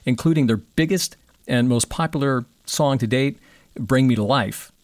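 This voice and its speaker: A man's voice: mid-range voice, moderate pace, no echo. A man hosting an interview, conversational and affirming, often backing up his guest. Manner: affirming, conversational, frequent mm-hmms. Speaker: podcast host.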